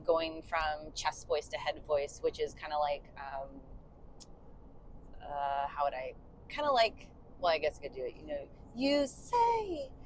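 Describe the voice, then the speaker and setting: A woman's voice: low-pitched, slight background noise, rough recording. A woman co-hosting a podcast, chatting casually in a moving car, with lots of fillers. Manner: chatty, many fillers, sings short demo bits. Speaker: podcast co-host and bandleader singer. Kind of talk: casual chat.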